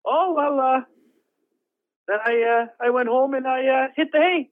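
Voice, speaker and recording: A man's voice: very high-pitched, dry recording. A man playing an older rock roadie who tells rambling, folksy stories with frequent chuckles in a comedy phone interview. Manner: drawn-out anticlimactic storytelling. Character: rambling old male rock roadie, folksy and easily amused. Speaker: phone-in guest. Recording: tinny dry phone line.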